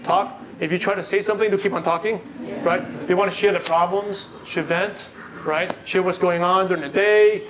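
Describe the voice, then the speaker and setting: A man's voice: high-pitched, fairly even intonation, normal speed, crowd noise. A man giving a live sales workshop, asking the audience questions and repeating their answers back. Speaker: sales trainer. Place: meeting room with a live audience.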